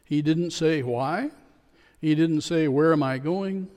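A man preaching a sermon as a pastor, telling a story with a joke in a calm, measured way. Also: a little high. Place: church sanctuary. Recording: long church reverb.

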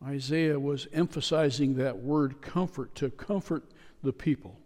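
A man preaching a sermon in a church, speaking in a measured, repetitive way with emphatic pauses. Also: medium pitch, a little mellow. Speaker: pastor. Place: church sanctuary. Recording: long reverb of a church hall.

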